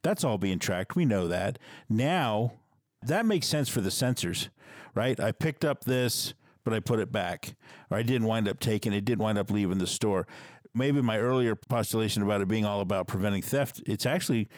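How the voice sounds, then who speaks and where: A man's voice: fairly low pitch, animated, normal speed, dry recording. A man hosting a podcast interview, responding with interest and thinking aloud through examples. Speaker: podcast host.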